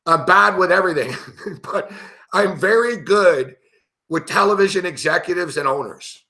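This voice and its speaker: Man, middle-aged, sports betting host, brash, swears a lot, laughs often, bright forceful voice, slightly high pitch. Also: expressive, normal speed. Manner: brash, profane, laughing storyteller. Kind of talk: casual storytelling chat.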